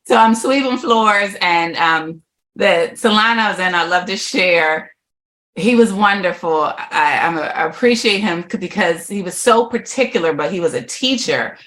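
A woman's voice: lowish voice, animated, a little slow, a bit bright. A middle-aged woman, a podcast guest, telling her life story with animation, laughing often and acting out quoted voices.

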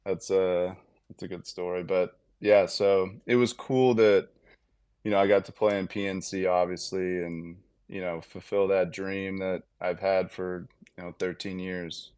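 A baseball player in his thirties, a guest on a podcast, tells a long, casual story, acting out what each person said with lots of fillers and animation. His low voice is clear and resonant, he speaks a little slowly, and the recording is dry.

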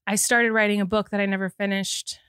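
A woman co-hosting a podcast in casual chat, tearful and emotional, talking quickly and animatedly with laughter breaking in. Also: mid-range voice, smooth, no room sound, studio quality. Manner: rapid, animated talk broken by laughs. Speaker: podcast co-host.

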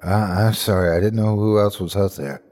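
A man's voice: on the low side, steady tone, moderate pace, a little mellow, natural voice. A man plays a scared, breathless hero in a horror audio story. He speaks urgently, pressing and tense, close to his own plain voice. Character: frightened man, the story's first-person hero.

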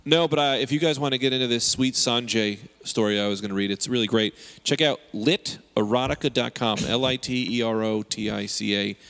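A man's voice: mid-range voice, fairly quick, vocal fry, few pauses, a bit bright. A man, a comedian and podcast regular, chatting loosely with frequent stumbling restarts. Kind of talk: casual podcast banter. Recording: long reverb.

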